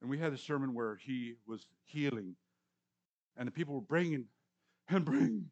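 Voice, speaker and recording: A man in his sixties preaching a conversational sermon, repeating words for emphasis and swinging between loud and hushed lines. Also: mid-range voice, animated, moderate pace, highs cut off. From Canadian or US prairies. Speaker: pastor.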